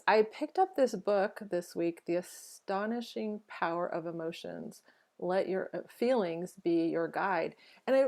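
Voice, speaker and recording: A woman co-hosting a podcast in casual chat, reflective and chatty, acting out her own inner thoughts as she talks. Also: mid-range voice. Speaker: podcast co-host.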